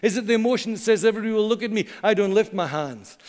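Preaching pastor, high voice, church reverb. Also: male voice, a little mellow. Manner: earnest, dramatic pauses, slows for emphasis. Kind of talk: sermon. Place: church hall.

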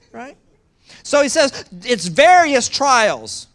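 A pastor preaching a sermon in a lively way, moving from loud excitement to hushed low tones and acting out voices with humor. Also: moderate pace. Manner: acts out quoted voices with humor.

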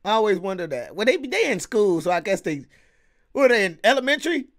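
Slangy, animated reaction host, man. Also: high voice, quick pace. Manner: laughs often, slangy and exclaiming. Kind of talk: casual reaction commentary.

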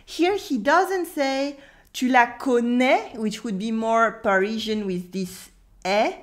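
A French native woman teaching in a video lesson, explaining clearly and slowly repeating example words. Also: fairly high pitch.

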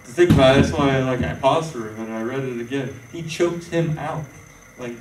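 A man's voice: mid-range voice, a little fast, a little hiss or hum. A man preaching an informal sermon, rambling and conversational with many fillers and restarts. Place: church hall. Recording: echoey room, voice from far off.

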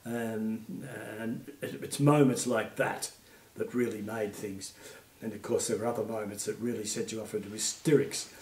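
An Australian man in his eighties, a retired puppeteer, telling gentle stories in an interview with many fillers. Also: fairly low pitch, steady tone, moderate pace, few pauses, far from the mic, a little hiss or hum. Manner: gentle anecdotal storytelling, frequent fillers. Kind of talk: reminiscing interview. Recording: echoey room, off-mic.

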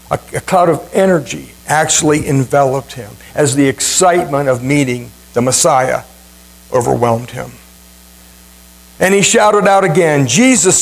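A male pastor preaching a sermon with emphatic, dramatic repetition and swings in pitch. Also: rough recording. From Ohio, USA.

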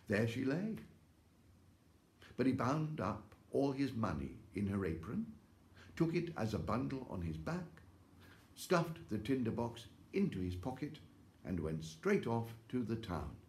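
A man's voice: medium pitch, very animated, slow pace, pauses often, darkish tone. A male actor reading a fairy tale aloud at home in a theatrical way, with gasps and exclamations. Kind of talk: expressive storybook reading. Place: home, during lockdown. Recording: echoey room.

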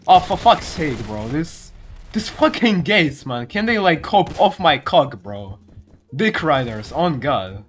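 A man giving excitable, swear-filled commentary over his own gameplay, calling everyone "bro". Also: on the high side, slow pace, a little hiss or hum. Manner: excitable, swears often, constantly says "bro". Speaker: gaming video creator.

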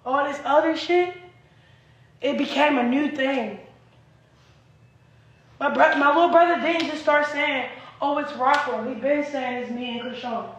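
A woman's voice: sits high, a little slow, pauses often, echoey room, muffled recording. A young woman in a rambling, agitated and profane livestream rant, recorded on a phone.

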